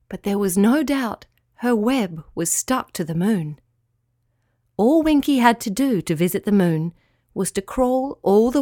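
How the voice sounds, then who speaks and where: Female storyteller, gentle bedtime reading, slightly high, dry recording. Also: dry recording.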